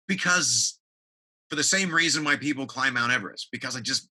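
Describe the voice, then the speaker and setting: An animated man telling stories as a podcast guest, slipping into little acted-out quotes. His voice is husky and rather bright and forceful, at a middle pitch. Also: brisk, poor audio. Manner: animated storyteller acting out quotes, swears casually. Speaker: guest, TV builder. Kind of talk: casual interview chat.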